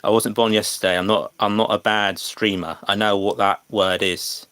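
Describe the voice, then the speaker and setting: A man's voice: lowish voice, steady tone, normal speed, fairly bright tone, no room sound. An English man chatting casually to viewers on a livestream, hesitant and full of fillers and restarts. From England.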